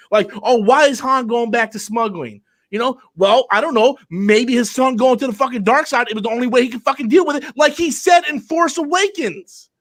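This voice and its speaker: A man's voice: very high voice, a bit bright. A young man hosting a live online discussion, ranting with lots of swearing and stammering over repeated words. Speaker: show host.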